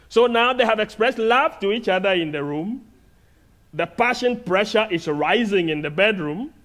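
A man with a Ghanaian accent preaching a sermon in a church, slow, deliberate and earnest, with long pauses between phrases. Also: high voice. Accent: Ghanaian English. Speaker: guest preacher. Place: church sanctuary.

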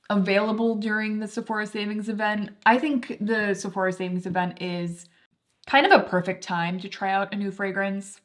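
A young woman talking casually and enthusiastically about her favorite products, full of fillers like "like". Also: medium pitch. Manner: chatty, filler-heavy, enthusiastic. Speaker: beauty vlogger.

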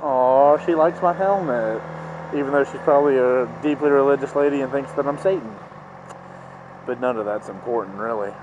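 A man's voice: medium pitch, normal speed, muffled recording. A young man in a helmet, riding a motorcycle through city traffic, sarcastically ranting and swearing at other drivers. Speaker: vlogger. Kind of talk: casual helmet-cam commentary while riding. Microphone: mic inside a motorcycle helmet. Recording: helmet mic with loud road noise. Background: traffic and engine noise.

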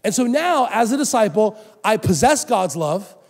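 Animated preacher with gravelly voice. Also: male voice, high-pitched, moderate pace. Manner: animated, swings from loud emphatic to soft and hushed. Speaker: pastor. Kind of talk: sermon. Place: church sanctuary. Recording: long hall reverb.

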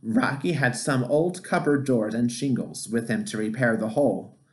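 A man reading a children's picture book aloud, gentle and expressive. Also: medium pitch, moderate pace. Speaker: storybook reader.

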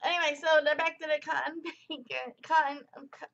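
A woman's voice: high-pitched, fairly even intonation, fairly quick, vocal fry, fairly bright tone, highs cut off. A young woman rambling through a casual product review vlog in a chatty way, full of fillers and tangents.

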